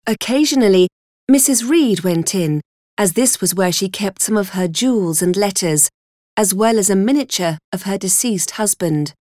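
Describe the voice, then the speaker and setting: A woman reading a story aloud in the first person, measured and deliberate. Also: mid-range voice, lively intonation, darkish tone, dry recording, studio quality. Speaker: audiobook reader.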